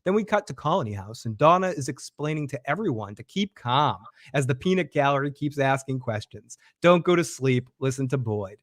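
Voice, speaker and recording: A man co-hosting a casual show recap, talking fast with fillers and acting out lines from scenes. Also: medium pitch, no echo, studio quality. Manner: animated, acts out quotes, frequent fillers. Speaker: podcast co-host recapping a TV episode.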